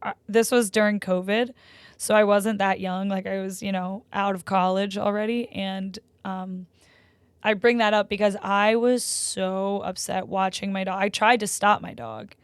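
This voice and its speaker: A woman's voice: moderate pace, clear, resonant tone, no echo. A woman in her twenties co-hosting a podcast, chatting casually and telling stories animatedly with many "like" fillers. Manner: animated storyteller, many "like" fillers, gets loud and high when excited. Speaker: podcast co-host. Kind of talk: casual chat.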